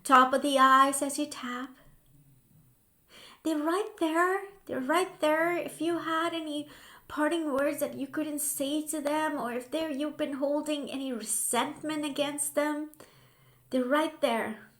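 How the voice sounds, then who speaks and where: A woman guiding a grief tapping session in a slow, soothing voice, now and then dropping to a soft whisper. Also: high-pitched, steady tone, roomy sound. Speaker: healing coach.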